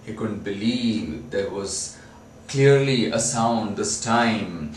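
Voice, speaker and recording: A man retells a novel chapter for a class, halting and restarting often. He talks slowly. The mic is some way off in an echoey room with a faint background hum. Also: on the low side. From India. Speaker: literature lecturer. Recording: roomy, distant mic, faint ambience.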